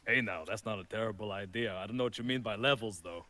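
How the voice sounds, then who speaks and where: Low, bright-toned enthusiastic man. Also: fast talker. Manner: enthusiastic, stammering. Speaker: player. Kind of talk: in-character tabletop game chat.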